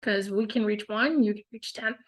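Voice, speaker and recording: A woman's voice: mid-range voice, moderate pace. A woman hosting a casual group coaching call, upbeat and encouraging, with a lot of "like" and "y'all".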